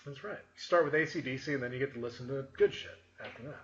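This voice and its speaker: A man's voice: medium pitch, quick pace. A man co-hosting a podcast in casual chat, laid-back with short agreeing remarks. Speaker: podcast co-host. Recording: dull lo-fi with faint noise.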